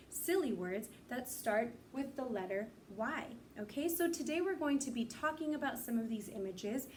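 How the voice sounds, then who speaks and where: Sing-song teacher woman, high voice. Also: darkish tone, distant mic, slight background noise. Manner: slow, sing-song teacher talk, drawing out sounds. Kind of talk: recorded kindergarten phonics lesson.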